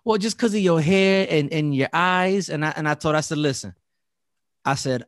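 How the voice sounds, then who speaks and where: A man of Latin American heritage telling a story in casual chat, animated and profane, often repeating and restarting words. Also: on the high side, normal speed, no echo, clean studio sound.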